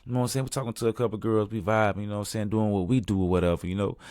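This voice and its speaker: This young podcast host races through a story in a steady tone, relaxed and casual, repeating "man" constantly. When acting out the story he gets loud and high. The sound is clean studio audio with no echo.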